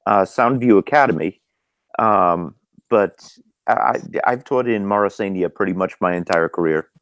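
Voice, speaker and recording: Middle-aged guy hosting a live call, lowish voice, voice going, lots of ums. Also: moderate pace, a bit bright, no room sound. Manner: loose, filler-heavy talk with many ums and restarts. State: losing his voice. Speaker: host of a live video hangout. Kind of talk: casual live-stream chat. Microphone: video call microphone.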